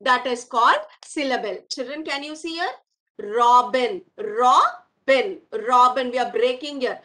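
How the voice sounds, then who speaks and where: A woman's voice: high voice, pushed and bright, low-quality recording. A woman teaching young children online, repeating words for them and calling them "my dear children". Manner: calls pupils "my dear children", drills words slowly. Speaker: primary school English teacher.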